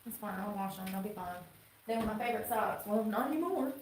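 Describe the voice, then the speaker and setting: A woman's voice: medium pitch, animated, quick pace, echoey room, slight background noise. Twangy North Carolina woman rambling on stream. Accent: North Carolina Southern twang. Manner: rambling, chatty, swears freely. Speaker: livestreamer. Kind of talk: casual livestream chat. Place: indoors at home.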